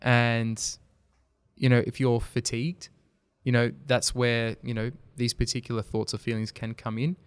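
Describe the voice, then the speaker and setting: A man speaking in a smooth, clean voice at a middle pitch. He tells stories earnestly as a podcast guest and livens up when he makes a point. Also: normal speed. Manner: earnest, storytelling, animated when making a point. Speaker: podcast guest, video company founder. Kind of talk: casual conversational interview.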